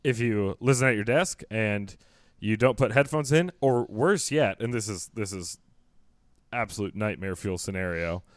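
A man's voice: on the low side, normal speed, dry recording, studio quality. A man co-hosting a podcast, riffing in a wry, mock-serious way through casual comedic chat. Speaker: podcast co-host.

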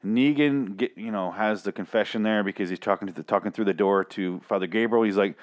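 A man's voice: fairly low pitch, brisk, few pauses. A man casually recapping a TV episode, rambling and swearing, with sarcastic asides.

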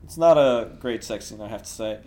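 A man co-hosting a podcast, chatting casually about a film with a wry, deadpan humor. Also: fairly low pitch, fairly quick, a crowd in the background. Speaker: podcast co-host. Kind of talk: casual film-review chat.

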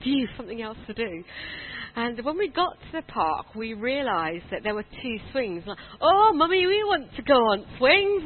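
A southern English woman in her forties preaches to a congregation, drawing laughs with a self-deprecating story. Her voice sits a little high, and the sound is thin and tinny, as if it came over a phone line. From southern England. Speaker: guest preacher. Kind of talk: sermon with personal storytelling.

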